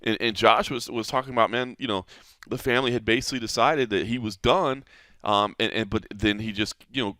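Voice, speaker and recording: A man co-hosting a podcast, talking in a relaxed, conversational way with plenty of fillers. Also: fairly low pitch, brisk, no room sound, clean studio sound. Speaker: podcast co-host. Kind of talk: casual chat.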